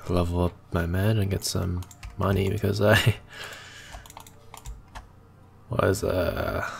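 A man's voice: sits low, vocal fry. A man giving casual, rambling gameplay commentary as a channel host, thinking aloud and laughing now and then. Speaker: gaming YouTuber.

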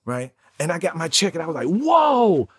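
A middle-aged man from North Carolina, telling stories in an interview and acting out the quotes with big swings in pitch and loudness. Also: wildly swooping pitch, normal speed, slightly rough, no echo, clean studio sound. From North Carolina, USA. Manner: acts out quotes with big jumps in pitch and volume. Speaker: actor, interview guest. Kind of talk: animated storytelling. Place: studio.

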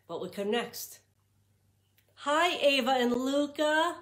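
A woman's voice: sits high, animated, slow, long pauses, fairly bright tone, roomy sound. A woman librarian reading a picture book aloud to young children, chanting patterns in a sing-song and asking them questions.

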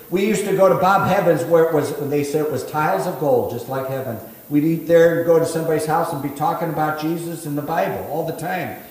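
A middle-aged man, a pastor preaching a sermon, rising to emphatic preaching with quick asides. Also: fairly high pitch. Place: church sanctuary. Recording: echoey hall.

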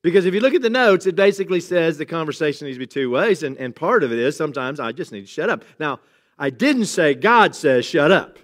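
Animated joking man preaching a sermon. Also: fairly high pitch, a little fast. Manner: jokey, conversational preaching with chuckles and asides to the congregation. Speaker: pastor. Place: church sanctuary.

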